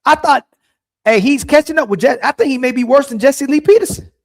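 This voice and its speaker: A man hosting a stream, reacting to a clip with indignant, repetitive commentary and pausing to search for words. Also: very high voice, vocal fry.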